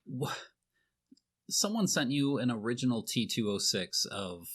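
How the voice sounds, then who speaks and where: A man's voice: medium pitch, big pitch swings, a little slow. A man co-hosting a podcast, asking eager interview questions and tripping over his words as he restarts them. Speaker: podcast co-host.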